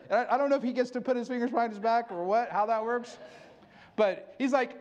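A man's voice: very high-pitched, quick pace, lo-fi sound. A middle-aged man preaching a sermon, candid and self-mocking, laughing often. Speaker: pastor.

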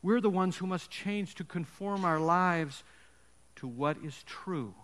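A man preaching a sermon with an emphatic storytelling delivery and dramatic pauses. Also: sits high, fairly bright tone, big-room sound. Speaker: pastor.

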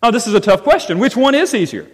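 A man preaching a sermon as pastor, with animated emphasis that rises and falls as he drives his points home. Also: very high voice, quick pace, slightly rough. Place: church sanctuary. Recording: long reverb of a church hall.

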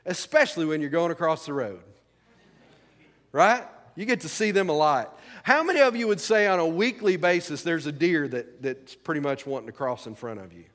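A man's voice: fairly high pitch, lively intonation, normal speed, a bit bright. A male pastor preaching a sermon in a folksy, conversational way, asking the congregation questions. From rural American South. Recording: long hall reverb.

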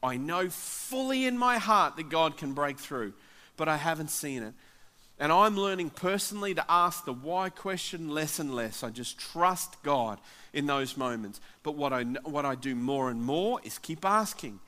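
Aussie pastor guy, bright forceful voice, earnest preaching. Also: on the high side, animated, normal speed. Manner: earnest, encouraging. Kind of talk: sermon with interview.

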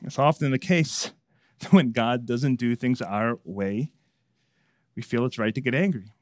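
A man preaching a sermon, swinging between hushed and emphatic delivery. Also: mid-range voice, measured pace, no room sound, studio quality. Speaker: pastor.

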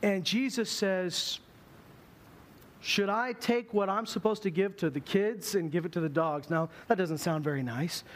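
In a church, a pastor with a high voice delivers a sermon at a measured pace. He tells stories with humor and acts out the voices of the characters.

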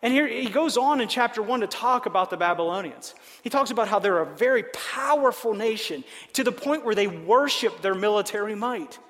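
A man's voice: high-pitched, expressive, a little fast, fairly bright tone, in a large hall. A man preaching a sermon in a conversational way, often checking in with listeners by asking "right?". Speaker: pastor.

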